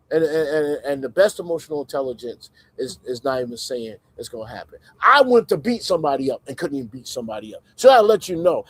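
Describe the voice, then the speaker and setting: A man giving casual livestream commentary in an animated, conversational way, swinging between loud emphasis and muttered asides. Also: a little high, breathy edge, poor audio.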